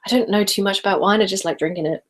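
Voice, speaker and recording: A British woman hosting a casual live stream, reading viewer comments aloud in a chatty way on a stereo recorder, at times dropping into soft whispers. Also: mid-range voice, very fast. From Britain. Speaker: ASMR channel host. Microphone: stereo handheld recorder.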